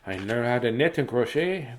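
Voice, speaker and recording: A man's voice: mid-range voice, animated, normal speed. A man hosting a casual read-aloud of picture books for children, playful and jokey, with silly asides.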